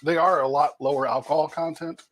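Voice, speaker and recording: A man's voice: fairly high pitch, fairly even intonation, brisk, fairly bright tone, slight background noise. A man co-hosting a casual home cooking stream, easygoing, chiming in and finishing the host's sentences. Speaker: co-host. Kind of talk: casual chat. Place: home kitchen.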